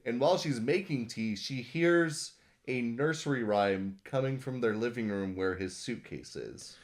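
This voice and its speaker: A man's voice: mid-range voice, animated, measured pace. A man co-hosting a casual movie recap podcast, telling parts of the plot and chiming in with confirmations. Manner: chimes in with confirmations. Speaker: podcast co-host.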